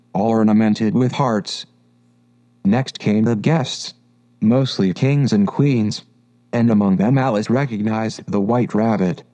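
A man reading a storybook aloud in measured, steady narration. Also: mid-range voice. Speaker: audiobook narrator.

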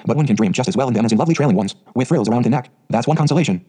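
A man's voice: medium pitch, animated, very fast, mellow, husky. A man voicing an eager, talkative orphan girl of eleven who speaks in dreamy, dramatic phrases. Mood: despairing.

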